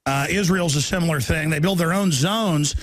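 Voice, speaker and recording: A man hosting a radio talk show. He talks in rapid bursts that slow into drawn-out phrases, with halting restarts. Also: a little high, a bit bright, no room sound. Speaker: radio host.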